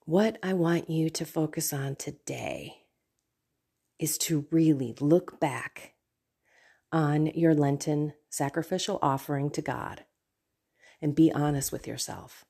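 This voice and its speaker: A woman's voice: low-pitched, slow, creaky, dark tone, breathy edge. A woman hosting a podcast, talking through a casual faith reflection, chatty and laughing often as she acts out quoted voices. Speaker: podcast host.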